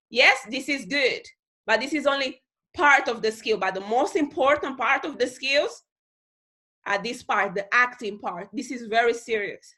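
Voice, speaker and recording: A high, bright woman's voice gives a motivational talk to her team over a video call. She talks with heavy emphasis, repeats phrases to drive them home, and now and then mimics other people in squeaky voices. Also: normal speed. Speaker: team leader on a group call.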